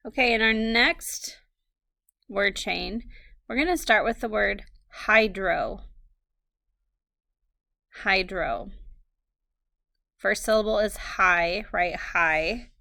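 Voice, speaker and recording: A woman teaching a recorded phonics lesson, slowly dictating words and spelling them out letter by letter. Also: mid-range voice, gravelly, sharp tone, no room sound, clean studio sound.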